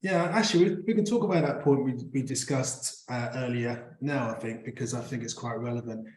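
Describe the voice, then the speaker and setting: A man hosts an interview, winding through long questions with ums and self-corrections. His voice sits at an ordinary mid pitch. The recording carries noticeable echo from the room. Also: fairly quick, darkish tone. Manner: rambling questions, many ums and restarts. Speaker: interview host. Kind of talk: conversational interview. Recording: echoey room.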